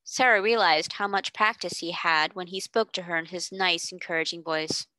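A woman tutor reading a classic novel aloud in clear, steady storybook narration. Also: on the low side, moderate pace, no echo.

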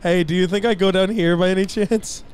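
A man's voice: sits high, steady tone, a little fast, a little mellow, a little hiss or hum. A young man casually commentating a co-op horror game, joking with crude rhyming banter and giggling. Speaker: gaming channel co-host. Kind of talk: casual let's-play commentary.

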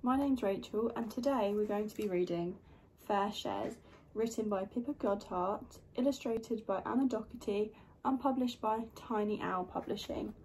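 A woman librarian hosting a children's storytime and reading a picture book aloud with expressive delivery. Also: medium pitch, normal speed, a little hiss or hum, low-quality recording.

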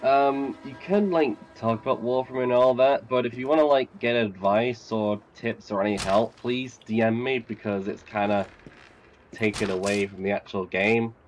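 A man's voice: medium pitch, moderate pace, highs cut off, a little hiss or hum. A man co-hosting a game livestream, talking casually and a bit hesitantly. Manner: easygoing, hesitant with fillers. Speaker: stream co-host. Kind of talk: casual gaming stream chat.

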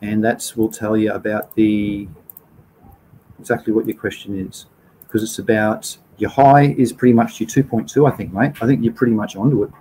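Aussie bloke hosting a live stream, chatting to viewers, relaxed warm tone, bit of hiss behind. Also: male voice, fairly low pitch, poor audio. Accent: Australian. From Australia. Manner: chatty, informal, answers viewer questions with pauses and fillers. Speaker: livestream host. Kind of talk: casual livestream chat, reading comments.

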